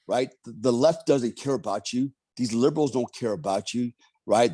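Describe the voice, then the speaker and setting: A man's voice: medium pitch, moderate pace, warm tone, slightly rough, no room sound. A middle-aged man, an Army veteran and author, talking casually as a podcast guest in an emphatic, ranting way and often ending phrases with "man". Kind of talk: casual conversation and storytelling.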